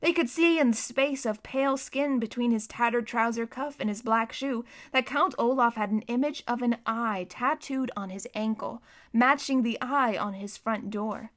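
Bright-voiced woman narrating a storybook. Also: a little high, normal speed, hardly any pauses. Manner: expressive, acting out the characters. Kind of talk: audiobook narration.

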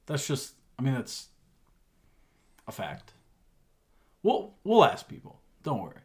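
A man's voice: medium pitch, huge pitch swings, takes it slowly, a little mellow. A man from the United States co-hosting a sports podcast in a laid-back, joking way of casual chat. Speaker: podcast co-host.

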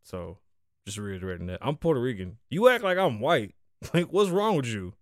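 Animated, profane man from the Bronx. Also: mid-range voice, moderate pace, dry recording, clean studio sound. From the Bronx, New York. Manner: profane, riffing, teasing a co-host. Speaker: podcast host. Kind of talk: casual freestyle podcast talk.

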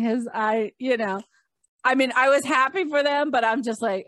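A woman hosting a podcast, telling a personal story in a casual, animated way and acting out the voices of the people in it. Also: fairly quick, no room sound. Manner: animated, acts out quoted voices with big pitch jumps. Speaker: podcast host.

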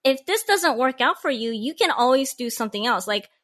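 A woman who makes polymer clay videos, chatting casually in an animated way, with gasps and exclamations. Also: high voice, brisk, dry recording, clean studio sound. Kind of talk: casual chat.

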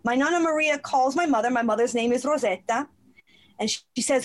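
A woman with a bright, high voice tells a heartfelt personal story. She is animated and slips into the voices of the people she quotes. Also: brisk. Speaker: guest.

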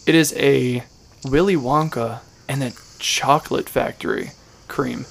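A man's voice: medium pitch, measured pace, creaky. A man hosting a casual podcast, joking and teasing his friends as he talks. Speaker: podcast host. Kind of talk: casual banter.

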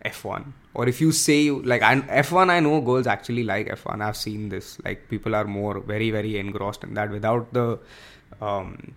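A man's voice: fairly low pitch, moderate pace, a bit bright. Young guy ranting on his podcast, swears a lot, switches into hindi. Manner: profane, joking, mixes in Hindi phrases. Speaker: podcast host. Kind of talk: casual solo podcast rant.

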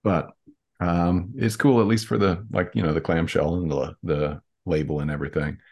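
Man, very deep voice, husky, casual rambling chat, filler-heavy. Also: fairly even intonation, normal speed, darkish tone.

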